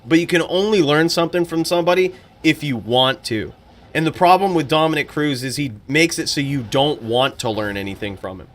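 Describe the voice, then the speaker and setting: Bright-voiced casual male streamer. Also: on the high side, brisk. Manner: casual, profane, blunt opinions. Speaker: streamer and commentator. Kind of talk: live-stream chat and game fight commentary.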